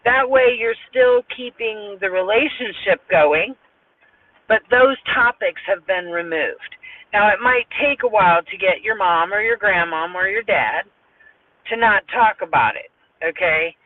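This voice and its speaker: A man's voice: high-pitched, a little slow. A man with a Southern US accent hosting a support group chat, giving advice and repeating his key points for emphasis. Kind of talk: casual livestream chat. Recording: tinny phone-like audio.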